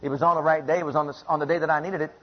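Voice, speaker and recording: A man's voice: fairly high pitch, flat delivery, very fast, slightly rough. A man preaching a sermon in an emphatic, repetitive way, often asking the congregation questions, on a dull lo-fi recording.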